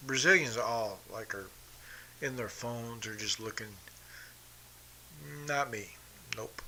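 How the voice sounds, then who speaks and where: A man's voice: fairly low pitch, slow pace, bright, forceful tone, slight background noise. A middle-aged man hosting a podcast, telling stories in a blunt, profane, combative way. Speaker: podcast host. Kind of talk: casual storytelling monologue.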